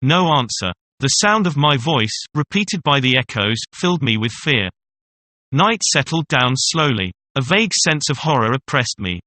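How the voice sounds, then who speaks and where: A man reading a classic horror story aloud in a measured, suspenseful way. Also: mid-range voice, sing-song, sharp tone, no echo. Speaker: audiobook narrator. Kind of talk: scripted narration of a horror story.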